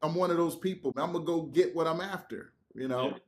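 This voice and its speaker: Animated man telling a work story. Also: on the high side, quick pace, a little hiss or hum. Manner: animated, acts out quotes, swears, laughs. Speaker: podcast guest. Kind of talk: casual storytelling.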